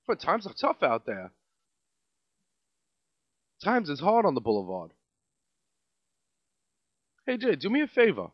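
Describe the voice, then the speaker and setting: A man with a New York accent doing a comedic rant as a podcast host, sarcastic and mocking, his voice swinging between loud outbursts and mutters. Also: high-pitched, big pitch swings, a little slow, pauses often, no room sound, lo-fi sound. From Staten Island, New York.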